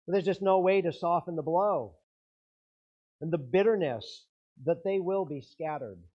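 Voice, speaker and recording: A man's voice: fairly high pitch, a little slow, warm tone, husky, lo-fi sound. A man preaching a sermon as pastor, earnest, his intensity rising and falling.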